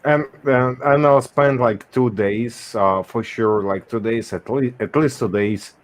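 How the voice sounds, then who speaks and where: A man from Wisconsin hosting a casual stream chat, often pausing mid-sentence to find his words. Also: mid-range voice. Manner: halting, stops often to search for words. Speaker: stream host.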